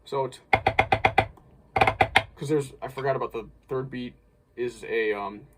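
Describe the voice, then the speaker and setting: A man's voice: mid-range voice, fairly even intonation, moderate pace, over loud music. A man casually breaking down a snare drum part as an instructor, thinking aloud with small restarts. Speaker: drumline instructor.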